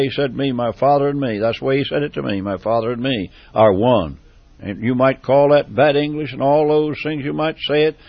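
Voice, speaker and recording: A man's voice: mid-range voice, dry recording, lo-fi sound. A man preaching a sermon, repeating phrases with emphatic, rising fervor.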